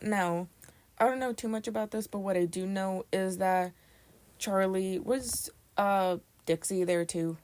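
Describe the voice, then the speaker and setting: A young woman co-hosting a podcast, introducing topics and talking in a relaxed way during casual chat. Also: mid-range voice, unhurried. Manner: relaxed, laughs often, summarizes topics. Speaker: podcast co-host.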